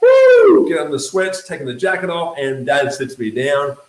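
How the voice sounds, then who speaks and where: Energetic Australian man in a roomy space. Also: medium pitch, moderate pace. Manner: energetic, acts out quoted voices. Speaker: network marketing coach. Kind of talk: animated motivational storytelling.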